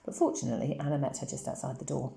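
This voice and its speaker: Woman, audiobook reader, steady storytelling, gravelly voice, echoey room. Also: rumbling low, racing. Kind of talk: reading a novel aloud. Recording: roomy echo.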